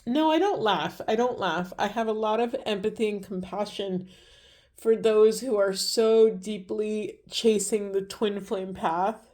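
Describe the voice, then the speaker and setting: A woman giving a spiritual card reading to her viewers, speaking slowly and earnestly with many pauses and restarts, moved close to tears. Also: mid-range voice, fairly even intonation, dark tone. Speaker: tarot and oracle reader.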